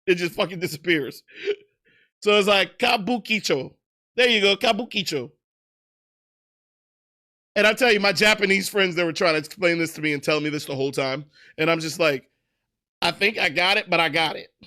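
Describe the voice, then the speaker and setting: A man's voice: high voice, normal speed, pauses often, pushed and bright. A man chatting casually on a livestream, loose and profane, laughing at himself as he answers viewers. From United States. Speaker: streamer.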